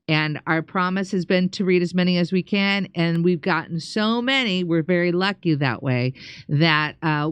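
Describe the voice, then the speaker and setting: A woman's voice: lowish voice, clear, resonant tone, no room sound. A middle-aged woman co-hosting a live stream, reading viewer chats in a chatty, exasperated, then friendly way. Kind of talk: casual live-stream chat.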